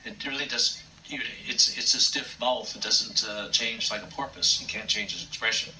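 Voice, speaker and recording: A man's voice: fairly low pitch, fairly even intonation, normal speed. An older man, a puppeteer, telling stories from his career in an interview, acting out the voices he quotes. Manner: warm, anecdotal, acts out quotes. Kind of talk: reminiscing interview storytelling. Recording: distant mic with faint room noise.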